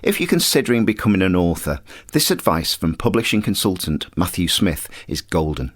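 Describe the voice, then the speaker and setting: A man's voice: low-pitched, very animated, fairly quick. A man hosting a mentoring podcast, presenting scripted links between clips in an upbeat way. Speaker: podcast host.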